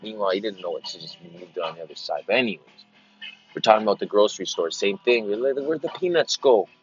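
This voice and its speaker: A man's voice: sits low, quick pace, husky, dull audio, faint music behind. A man hosting a podcast in a rambling casual monologue, repeating himself and wandering between stories. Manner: meandering, repeats phrases, slips into silly greeter voices. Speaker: podcast host.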